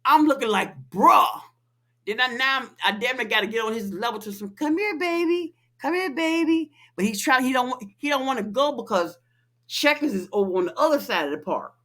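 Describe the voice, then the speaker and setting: A woman co-hosting a casual podcast, telling a story in a lively, profane, laughing way. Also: fairly high pitch, fast talker. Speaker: podcast co-host.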